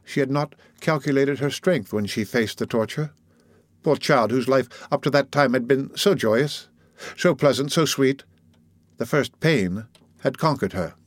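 A man reads a classic novel aloud in measured, dramatic audiobook narration. His voice sits at a middle pitch and is heard close and dry, with no room around it. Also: no echo.

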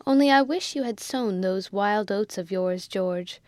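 A woman reads a good-natured, loyal army captain who speaks earnestly and gently scolds his friend. Her voice stays near its usual middle pitch. The recording is dry and close. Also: measured pace, no room sound, close to an everyday voice. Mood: kindly. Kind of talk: audiobook reading.

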